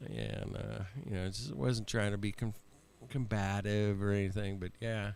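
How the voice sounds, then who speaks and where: A man's voice: fairly low pitch, fairly even intonation, moderate pace, gravelly, a little mellow, a little hiss or hum. A man hosting a casual livestream chat, laid-back and laughing often, calling people man and bro and swearing freely. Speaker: livestream host.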